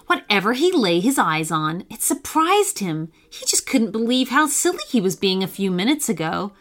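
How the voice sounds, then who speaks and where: A woman narrating a bedtime story for children, reading slowly and expressively. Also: medium pitch, big pitch swings, a bit bright.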